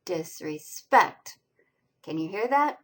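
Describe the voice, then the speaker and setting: A woman teaching college reading skills over slides, explaining pronunciation and stressing each syllable with slow, deliberate enunciation. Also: mid-range voice, expressive, fairly bright tone, low-quality recording. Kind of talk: recorded lecture over slides.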